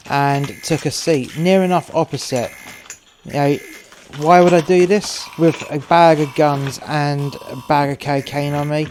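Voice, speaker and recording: A man's voice: on the high side, darkish tone, a little hiss or hum, lightly acted. A man playing a cynical cartel courier who narrates in the first person, in a sweary, sardonic way. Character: cynical, foul-mouthed male cartel courier.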